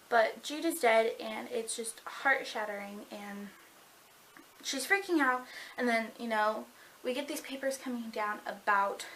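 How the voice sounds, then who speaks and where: Gushing young woman with bright voice. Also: fairly high pitch, slight background noise, rough recording. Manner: gushing, dramatic, rambling with many fillers. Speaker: book reviewer. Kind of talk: excited casual book review.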